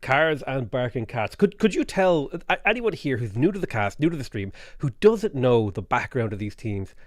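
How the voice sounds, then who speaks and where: A man's voice: mid-range voice, very animated, normal speed, no echo, studio quality. A man co-casting a strategy game tournament, chatty and self-deprecating, talking to the stream chat. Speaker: esports co-caster. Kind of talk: live game commentary.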